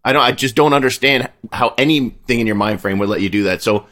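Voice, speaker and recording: Fast-talking profane male co-host. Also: mid-range voice, fairly bright tone. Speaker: podcast co-host. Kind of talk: casual chat.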